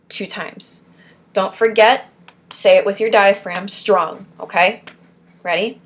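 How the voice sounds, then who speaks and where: Slow-talking woman leading speech drills. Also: medium pitch, steady tone. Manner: drills syllables aloud, chuckling between them. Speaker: support group speech coach. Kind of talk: casual spoken exercise lesson.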